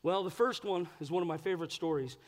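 A male pastor preaching a sermon, telling stories with animated swings between loud exclaims and quiet asides. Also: on the high side, fast talker, big-room sound. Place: large church sanctuary.

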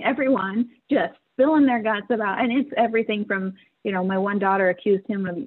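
A woman's voice: medium pitch, expressive, brisk, slightly rough. A woman in her forties, a podcast guest, telling a personal family story candidly, earnest and emotional, often laughing through her words. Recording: tinny phone-like line.

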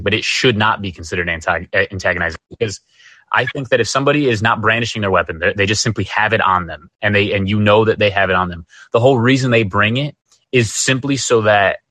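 A man answering in a calm debate, measured and hesitant, restarting his sentences often. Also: fairly low pitch, no echo. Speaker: discussion partner.

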